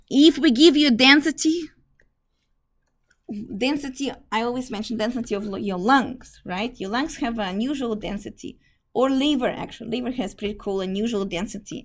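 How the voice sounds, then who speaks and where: A woman teaching a math lesson in a hoarse voice, explaining step by step and often clearing her throat. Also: fairly high pitch, a bit bright. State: hoarse from fever. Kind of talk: casual classroom lecture.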